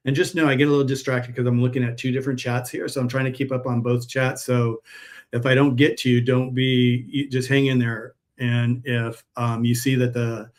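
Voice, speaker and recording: A man hosting a live stream and chatting with viewers, telling long stories in a rambling way with frequent restarts. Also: mid-range voice. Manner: rambling storyteller, many restarts. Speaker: host, pet supplement seller.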